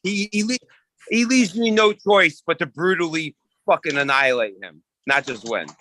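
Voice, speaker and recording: A man's voice: on the high side, lively intonation, normal speed, sharp tone, a little hiss or hum. A man trading brash, profane, boastful trash talk as an arm wrestling guest on a casual chat show.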